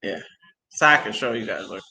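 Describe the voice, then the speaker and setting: This woman has a very deep, creaky voice and speaks a little fast, on a poor recording with slight background noise. Hosting a casual phone livestream, she chats with viewers and tells animated, slang-filled stories with plenty of laughs.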